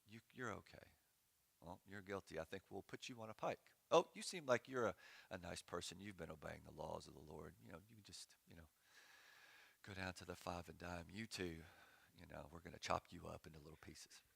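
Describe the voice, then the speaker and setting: A man's voice: deep voice, a little fast, gravelly, fairly bright tone, slightly rough, no echo, pitched below the performer's own voice, heavily acted. A man voicing a casually brutal Babylonian soldier in a mock-cheerful, offhand tone.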